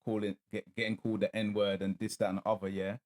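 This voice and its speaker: A man's voice: lowish voice, flat delivery, fast talker, darkish tone. A man hosting a podcast, explaining his views in laid-back casual chat with street slang. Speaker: podcast host.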